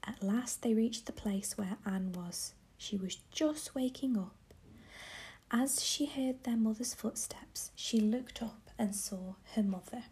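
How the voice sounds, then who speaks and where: A woman reading a children's story aloud in a slow, gentle whisper. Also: fairly high pitch.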